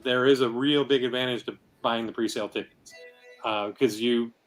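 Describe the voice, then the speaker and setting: A man's voice: medium pitch, steady tone, soft background music. A man, a guest organizer of an event, talking casually and thankfully with the hosts. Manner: eager, thankful, quick talker. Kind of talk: casual chat.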